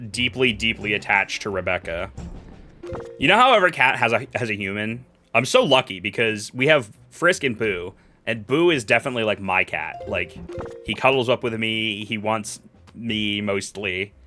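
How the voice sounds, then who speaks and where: A young man streaming a game live, his bright voice bouncing all over in pitch. He drops to quiet mutters, then bursts into loud yelling at his chat. Faint game music plays underneath. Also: expressive, moderate pace. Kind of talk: live gameplay commentary.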